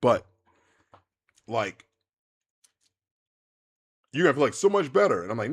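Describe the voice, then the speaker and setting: A man, chatting casually to viewers while streaming a game, rambling and animated with many restarts. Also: mid-range voice, unhurried, pauses often, slightly rough. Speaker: gaming streamer. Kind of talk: casual live-stream chat while playing.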